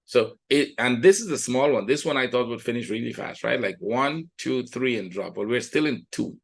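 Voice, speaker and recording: A man's voice: medium pitch, lively intonation, normal speed, creaky, slightly rough. A man teaching a trading lesson, walking through charts in a conversational, think-aloud way and often checking in with "right?". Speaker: trading educator. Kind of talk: chart walkthrough.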